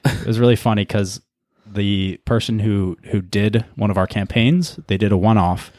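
A laid-back man hosting a podcast, talking loosely and swearing now and then. His voice sits on the low side. It is recorded close and dry, with no room echo. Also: moderate pace, a little mellow. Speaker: podcast host. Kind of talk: casual chat.

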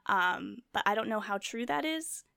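A woman's voice: mid-range voice, expressive, moderate pace, gravelly, sharp tone, no echo, clean studio sound. Woman telling true-crime stories casually. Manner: storytelling with many fillers and asides. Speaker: podcast co-host.

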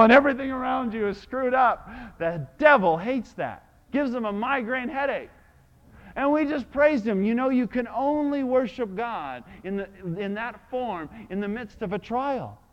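A male preacher with a high, very lively voice delivers a sermon. He moves between hushed, intimate stretches and loud shouted praise. The recording sounds dull and lo-fi. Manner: animated, swings from soft to shouting.

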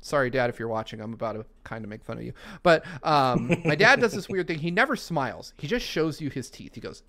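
Male podcast co-host, mid-pitched, animated casual storyteller. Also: fairly quick. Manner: animated storyteller, laughs through his story. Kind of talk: casual chat.

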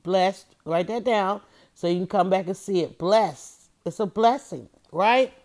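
A woman's voice: mid-range voice, a little slow. Woman podcast host preaching to listeners. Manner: lively storytelling, addresses listeners as y'all and honey; preachy, repeats key phrases. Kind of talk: motivational podcast talk.

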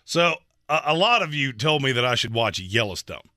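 Radio co-host guy, super bright voice, goes off on big dramatic rants, dry studio sound. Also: medium pitch, normal speed, dry recording. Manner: animated, ranting, exaggerated complaints. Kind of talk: casual sports radio banter.

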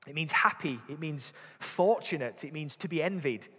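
Long reverb fills the church as a Yorkshire man preaches sincerely, asking the congregation questions and repeating words while he gathers his thoughts. His voice is a little high, pushed, bright, and husky, at normal speed.

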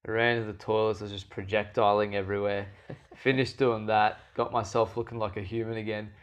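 A young man relaxes into a long anecdote, talking casually and often laughing. He breaks into quick impressions of the people he is describing. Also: lowish voice, smooth, highs cut off. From Australia. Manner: animated, acts out quoted voices, laughs often. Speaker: guest fighter. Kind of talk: casual storytelling chat.

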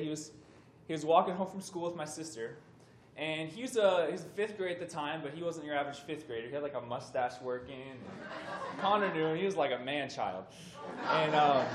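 A young man tells a story to a youth group in a casual, animated way, acting out the voices of the people in it. His voice sits a little high. He was recorded in an echoey hall with faint background noise. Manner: animated, conversational, acts out voices in stories. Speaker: youth speaker.

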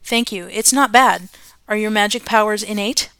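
A woman reading aloud the lines of a calm, unflappable male traveler who speaks coolly and tersely, in a dry, close recording. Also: medium pitch, normal speed, smooth, dry recording. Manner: cool and terse.

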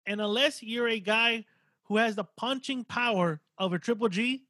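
A man's voice: extremely high pitch, fairly even intonation, moderate pace, bright, forceful tone, no room sound. A man co-hosting a boxing podcast, going through a fighter's record in casual, rambling talk with some swearing. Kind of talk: casual chat.

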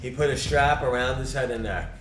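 A man's voice: mid-range voice, a little fast, echoey room, recorded from a distance. A man telling a long story in a casual podcast chat, profane and rambling, often acting out what others said. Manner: profane, rambling, acts out quoted voices. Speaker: podcast co-host.

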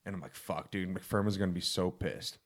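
Young male co-host, low-pitched, joking storyteller who chimes in. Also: brisk. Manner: jokey, swears, chimes in. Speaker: podcast co-host. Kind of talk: casual storytelling among friends.

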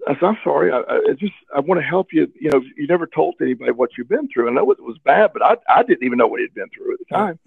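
A man speaks candidly in an interview, telling an earnest personal story and doubling back on his words as he goes. His voice has a gravelly, creaky edge. The sound is thin and phone-like, with no room echo at all. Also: a little high, lively intonation, quick pace, hardly any pauses. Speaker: interview guest. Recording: tinny phone line, dry.

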